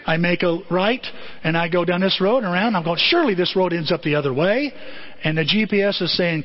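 A middle-aged male pastor telling a story in a sermon, animated and conversational, with comic asides. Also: high-pitched, fairly quick. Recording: dull lo-fi audio.

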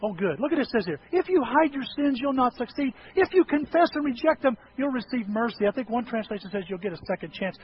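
Middle-aged guy preaching, high-ish voice, goes from loud to real quiet, faint hiss behind. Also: quick pace, few pauses. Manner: animated storytelling, acting out voices, swings from loud to hushed. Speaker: pastor. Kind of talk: sermon. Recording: dull lo-fi recording with faint noise.

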